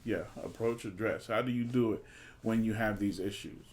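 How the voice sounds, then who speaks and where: A man's voice: fairly low pitch, normal speed, darkish tone. A man co-hosting a relationship podcast, talking casually and emphatically, repeating phrases to drive his point home. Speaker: podcast co-host.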